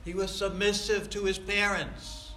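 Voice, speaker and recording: A man preaching a sermon, swinging between loud, stressed points and quiet asides. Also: high voice, level tone, a little slow, slight background noise. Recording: echoey room.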